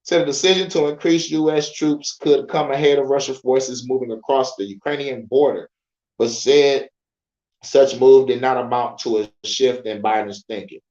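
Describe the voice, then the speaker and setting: A man's voice: mid-range voice, steady tone, normal speed, darkish tone, highs cut off. Profane man reading news, echoey room. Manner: profane, laughing, stumbling reading. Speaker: podcast host. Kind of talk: casual commentary reading news aloud.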